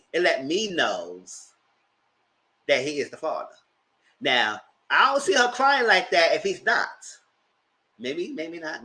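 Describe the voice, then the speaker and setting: A man hosting a casual TV recap, chatty and animated, laughing often and breaking into excited outbursts. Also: fairly high pitch. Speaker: TV recap host. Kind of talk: casual live TV review commentary.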